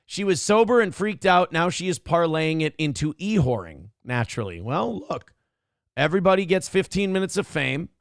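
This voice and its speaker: A man's voice: a little high, sing-song, moderate pace, gravelly, dry recording, clean studio sound. A male show host giving blunt, profane, mocking commentary on a livestream.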